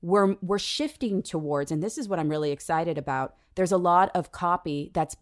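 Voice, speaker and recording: A woman from San Diego, a guest actor talking in a casual conversation, earnest and reflective with animated asides. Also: on the low side, moderate pace. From San Diego, USA.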